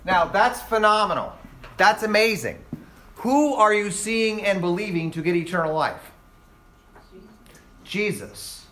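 A man's voice: sits high, animated, a little slow, pauses often, pushed and bright, slight background noise. A man teaching a Bible class, quizzing his students with rhetorical questions and acting out quoted exchanges. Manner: acts out voices in quoted exchanges.

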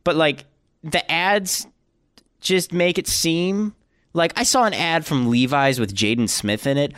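A man's voice: a little high, measured pace, clean tone, no echo, clean studio sound. A young man co-hosting a podcast, ranting and joking in casual chat. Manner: animated, ranting, jokey. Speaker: podcast co-host.

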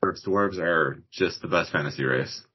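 A man's voice: low voice, moderate pace, breathy edge, muffled recording. A man from Washington hosting a podcast, chatting casually and rambling a little with many fillers. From Washington, United States. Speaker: podcast host. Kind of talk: casual interview chat.

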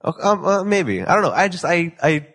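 A man with a husky, slightly rough voice, talking casually as a podcast co-host. He rambles, starts sentences over, and laughs easily. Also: fairly high pitch, sing-song, brisk, a bit bright. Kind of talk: casual chat.

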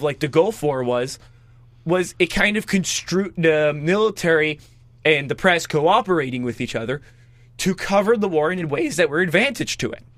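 A young man from Washington, D.C., co-hosting a casual political chat, talking quickly with lots of "like" fillers. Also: sits high, dry recording. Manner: quick, animated, full of "like" fillers. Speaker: podcast co-host.

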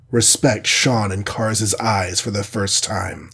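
A man narrating a children's adventure audiobook in a steady, measured reading voice. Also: on the low side, gravelly, breathy edge. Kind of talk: scripted storybook narration.

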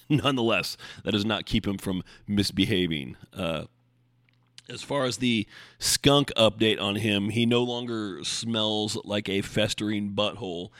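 A man's voice: fairly low pitch, a bit bright, dry recording, clean studio sound. A man hosting his podcast from home, chatting casually and enthusiastically with lots of fillers. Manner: rambling, enthusiastic, many fillers. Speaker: podcast host. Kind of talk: casual chat.

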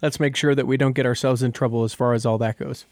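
A man's voice: medium pitch, steady tone, fast, a little mellow, no room sound, studio quality. A man hosting a casual podcast, talking things through step by step with plenty of filler words. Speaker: podcast host.

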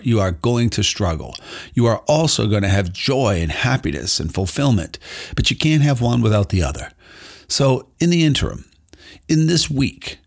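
Husky-voiced man giving lively motivational talk. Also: fairly low pitch. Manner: earnest, emphatic, conversational. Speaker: podcast host. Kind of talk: motivational monologue.

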